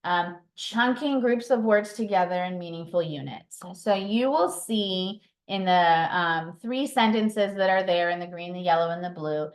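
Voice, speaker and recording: A woman leading a training session for reading mentors, explaining routines patiently with occasional ums and self-corrections. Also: medium pitch. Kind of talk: instructional training talk. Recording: roomy echo.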